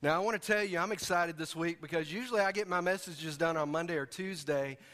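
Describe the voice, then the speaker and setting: A folksy, joking male pastor preaching a sermon in a church sanctuary. His voice is high and bright, with a long hall reverb behind it. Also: fast. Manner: folksy, joking, leads call-and-response.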